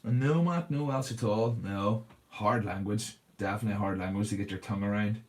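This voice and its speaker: A man's voice: lowish voice, a little fast. A man hosting a casual livestream, chatting and answering viewers' comments while he paints a model.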